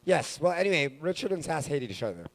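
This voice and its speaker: A man hosting a live event in a hotel function hall, talking into a handheld mic with playful, energetic hype. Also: on the high side, fast talker. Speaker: event host. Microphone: handheld microphone.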